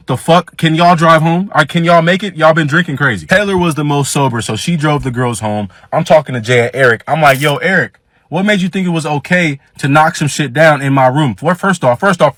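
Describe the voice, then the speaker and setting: A man tells a wild party story, cursing freely and acting out every exchange in his own voice. His voice sits a bit high for a man. The sound is dry and close, with no room echo. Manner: profane, animated, quotes people in his own voice. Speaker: storyteller guest. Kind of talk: casual storytelling.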